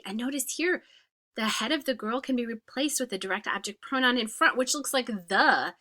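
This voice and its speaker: Bright-voiced woman teaching French. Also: a little high. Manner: explains patiently, with quick French examples and asides. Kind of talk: grammar lesson.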